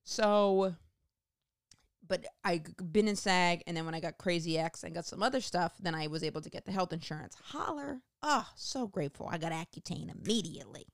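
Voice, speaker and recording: A woman telling a rambling, profane comic story in a casual monologue, going off on animated tangents. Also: on the low side, a little fast, no echo, clean studio sound.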